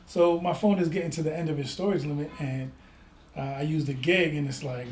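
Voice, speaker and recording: A man's voice: on the high side, fairly quick. A man co-hosting a casual podcast chat, telling stories animatedly and acting out the people in them. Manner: animated storyteller, acts out voices in his anecdotes. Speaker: podcast co-host. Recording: echoey room with faint ambient noise.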